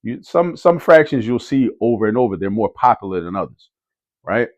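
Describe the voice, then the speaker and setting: A man's voice: medium pitch, very animated, normal speed, darkish tone. A man giving a casual math lesson who repeats key words for emphasis and keeps checking in with "right?". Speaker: math teacher. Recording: dull lo-fi audio.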